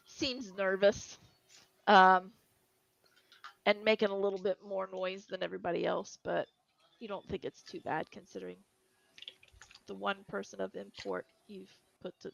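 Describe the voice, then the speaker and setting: Gravelly woman running a tabletop game. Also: medium pitch, no echo. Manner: hesitant, many fillers. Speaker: game master. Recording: dry lo-fi recording.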